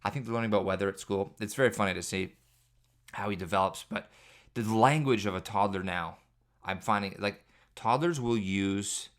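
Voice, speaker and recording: A man's voice: on the low side, a bit bright. A man hosting a podcast, telling rambling, joking stories about parenting. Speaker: podcast host. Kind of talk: casual comedic monologue.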